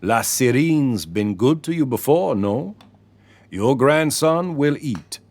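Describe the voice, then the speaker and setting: A man voicing a shopkeeper who talks in a showy Caribbean accent while making a smooth sales spiel. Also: medium pitch, animated, takes it slowly, darkish tone, pitched above the performer's own voice. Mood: smooth, salesy. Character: older male shopkeeper with put-on Caribbean patter.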